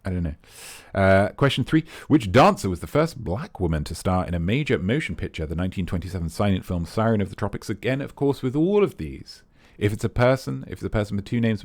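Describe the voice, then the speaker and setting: A man with a lowish voice runs a trivia quiz and reads each question and answer in a loose, chatty way. His delivery swings widely up and down as he wanders off into jokey tangents and little side facts. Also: a little mellow, dry recording. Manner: playful, rambling, jokey tangents. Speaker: quiz host. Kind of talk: casual quiz read-out with chatty asides.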